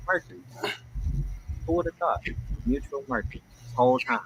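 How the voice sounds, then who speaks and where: A man with telling a story as a guest on a casual livestream, animated and slangy. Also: mid-range voice, normal speed, highs cut off, slight background noise.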